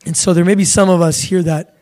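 Talking fairly quickly in a high-pitched voice, a young man gives a spirited, conversational sermon and now and then voices characters from the Bible.

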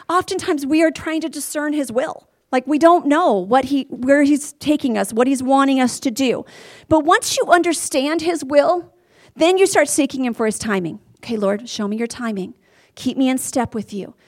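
A woman preaching a sermon, animated and earnest, talking straight to her listeners. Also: high-pitched.

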